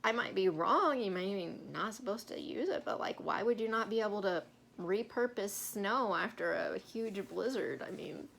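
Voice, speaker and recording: A woman's voice: mid-range voice, lively intonation, moderate pace, vocal fry, a bit bright, a little hiss or hum. A woman co-hosting a casual Bible-study chat, telling stories in a rambling way with many fillers. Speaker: co-host.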